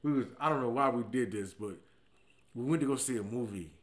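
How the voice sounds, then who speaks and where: A man in his forties telling comic stories in a slangy, profane monologue, swinging between loud emphatic bursts and low muttered asides. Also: brisk. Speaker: comedian. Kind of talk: comedic storytelling monologue.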